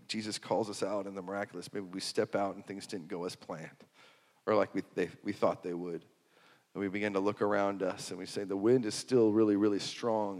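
A man preaching a sermon, swinging from hushed to loud and repeating phrases for emphasis. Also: on the low side. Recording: long hall reverb.

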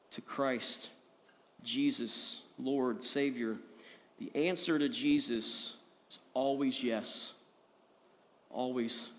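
A man preaching a sermon as pastor, earnest, rising to emphatic peaks and dropping soft. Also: mid-range voice.

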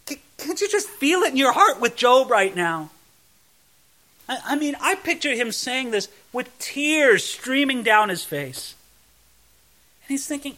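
A man teaches a Bible passage verse by verse in the manner of a pastor. His voice sits high and sounds bright and forward. He reads scripture with real feeling and acts out the pleas, often stammering as he starts a sentence. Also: sing-song, normal speed.

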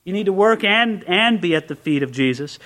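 A man preaching a sermon in a conversational way, full of rhetorical questions, swinging between excited raised asides and low, quiet emphasis. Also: brisk. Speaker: pastor.

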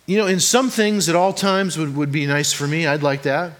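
The pastor's voice is slightly high and a bit bright, with a steady tone and moderate pace. Addressing a congregation in a church hall, he keeps the sermon conversational and humorous, regularly asking rhetorical questions.

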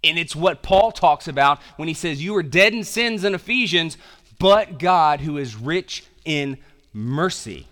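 A man preaching a sermon as pastor. He swings between loud emphatic passages and quiet, intense ones, with casual slang in his asides. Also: fairly high pitch, expressive, unhurried.

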